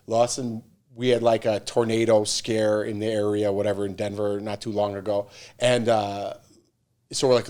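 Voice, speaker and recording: Relaxed man joking in casual chat. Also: fairly low pitch, normal speed. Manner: relaxed, joking, gives advice. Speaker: co-host.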